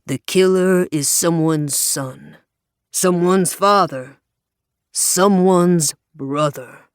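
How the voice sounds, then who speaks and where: A woman voicing a blustering male mayor who preaches in a slow, booming, dramatic pulpit style for an audiobook. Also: clear, resonant tone, no room sound, clean studio sound. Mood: preaching. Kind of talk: audiobook character voice.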